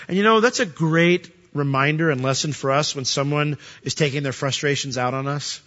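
Bright-voiced male pastor preaching in a hall. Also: medium pitch, normal speed, dull audio. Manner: conversational, reads verses then explains them. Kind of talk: sermon teaching through scripture.

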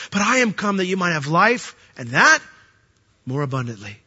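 A man preaching a sermon as pastor, animated, acting out the voices of the people he quotes. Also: high-pitched, fairly quick, breathy edge. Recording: dull lo-fi sound.

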